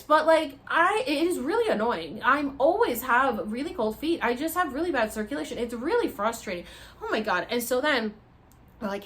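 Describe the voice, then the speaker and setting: A woman vlogger telling a story to camera in a casual, animated way, swearing freely and acting out her own reactions. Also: high-pitched, moderate pace.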